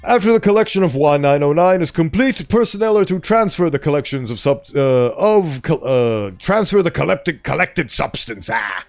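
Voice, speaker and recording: A man reads horror fiction aloud and stumbles over tricky words before adding offhand, chatty comments. His fairly high voice is lively and swings widely in pitch. Quiet background music plays under him. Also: normal speed, hardly any pauses. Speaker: online reader and host. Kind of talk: reading horror fiction aloud with casual asides. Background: faint background music.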